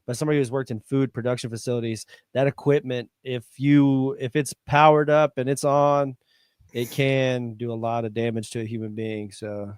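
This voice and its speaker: Smooth-voiced casual male co-host. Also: mid-range voice, flat delivery, moderate pace, a little mellow, no echo, studio quality. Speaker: podcast co-host. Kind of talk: casual chat.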